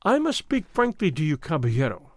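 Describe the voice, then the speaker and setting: A man's voice: a little high, huge pitch swings, a little fast, no echo, clean studio sound. A man reading aloud and voicing a proud, spirited young noblewoman who speaks with indignant scorn. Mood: earnest.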